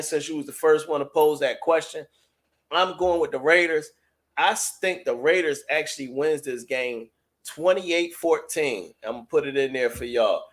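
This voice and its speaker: A man hosting a sports talk live stream, chatting casually and loosely with viewers and reading their chat messages aloud. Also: medium pitch.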